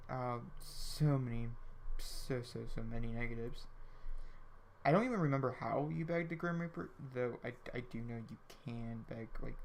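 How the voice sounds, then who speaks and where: Man, let's play commentary, rambling and repetitive, faint hiss behind. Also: medium pitch. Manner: rambling, restarts often, addresses viewers. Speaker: gaming channel host.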